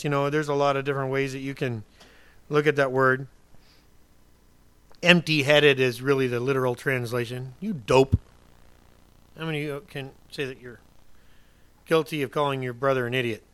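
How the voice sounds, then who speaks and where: A man preaching a sermon in a conversational way, asking his congregation questions and swinging from loud emphasis to quiet asides. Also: a little high, no room sound. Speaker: pastor.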